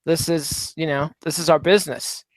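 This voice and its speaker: A man's voice: a little high, steady tone, normal speed, no echo. Wry, teasing podcast co-host man. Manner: wry, teasing, runs the show's rundown. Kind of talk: casual comedic chat.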